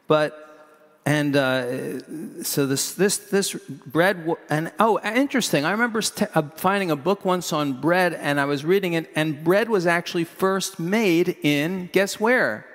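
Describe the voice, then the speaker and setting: Rambling preacher in a reverberant hall. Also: male voice, a little high, slow, a bit bright. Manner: conversational, rambling, with asides and laughs. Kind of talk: sermon.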